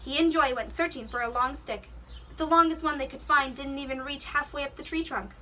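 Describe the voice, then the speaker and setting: A woman's voice: high-pitched, steady tone, fairly quick, sharp tone, recorded from a distance, slight background noise. A woman teacher reading a children's storybook aloud, giving the characters voices and stopping to explain words to the kids.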